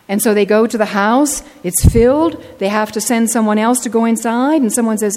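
An older woman preaching a sermon in a church whose long reverb trails each phrase. Her voice sits a little high, and she tells her stories earnestly, stretching out the words she wants to land. Her delivery builds toward the points she repeats. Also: darkish tone. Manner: earnest storytelling, slowing for emphasis. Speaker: pastor. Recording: long reverb of a large hall.

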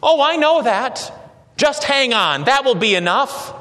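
A man voicing a mysterious male stranger who speaks politely and with calm insistence. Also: extremely high pitch, measured pace, big-room sound, pitched above the performer's own voice, exaggerated voice. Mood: insistent.

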